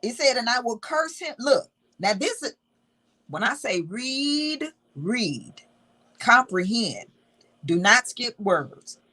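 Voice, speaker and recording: A woman's voice: on the high side, expressive, slow pace, sharp tone, rough recording. A woman teaching from the Bible in a casual, emphatic way, reading verses aloud and repeating key words.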